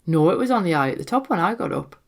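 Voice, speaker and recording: A woman playing a calm, reassuring young man. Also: lowish voice, fast talker. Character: steady, reassuring young man hiding fear.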